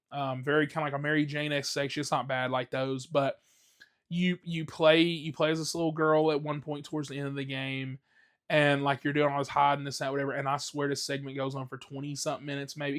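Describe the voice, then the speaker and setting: Man, podcast host, casual rant, swears a lot, fillers, a bit higher pitched. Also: quick pace. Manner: blunt, profane, animated ranting with many fillers.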